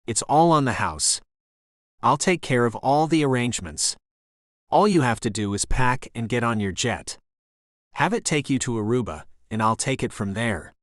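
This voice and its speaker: A man's voice: mid-range voice, fairly bright tone, no echo, clean studio sound, lightly acted. A man voicing an Irish resort owner who talks in a lilting, insistent way.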